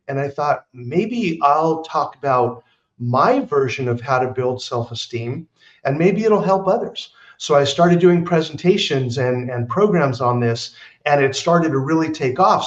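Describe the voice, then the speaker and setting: A middle-aged man hosting a podcast, telling personal stories in a chatty, earnest way with rambling asides. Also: fairly high pitch. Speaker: podcast host. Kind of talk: casual storytelling monologue. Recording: roomy, slightly dull recording.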